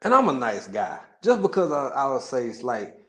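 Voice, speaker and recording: Very animated at a moderate pace, this man speaks in a mid-range voice over slight background noise. He's from Texas, has a Texan accent, and hosts a livestream where he casually chats with viewers, joking, laughing frequently and rambling.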